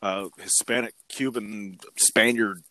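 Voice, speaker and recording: A man's voice: fairly low pitch, takes it slowly, slight background noise. A young adult man casually telling a story on a podcast, acting out the other people's lines. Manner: animated, acts out quotes. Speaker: podcast co-host.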